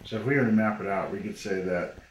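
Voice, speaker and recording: A man's voice: fairly low pitch, quick pace, a little hiss or hum. A man interviewing a guest, thinking aloud in long, searching sentences with some restarts. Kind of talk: reflective interview questions. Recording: roomy echo.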